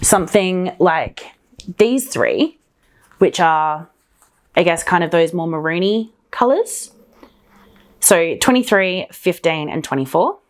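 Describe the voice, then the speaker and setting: A woman hosting a knitting podcast, talking in a casual, gushing, excitable show-and-tell style. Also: fairly low pitch, slow pace, long pauses.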